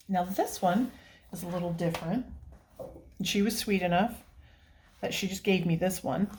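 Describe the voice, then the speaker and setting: A woman's voice: lowish voice, a little mellow, a little hiss or hum. A woman hosting a casual vlog, chatting and gushing as she shows things, laughing often. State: tearful, near crying. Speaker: coloring book channel host. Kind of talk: casual show-and-tell vlog.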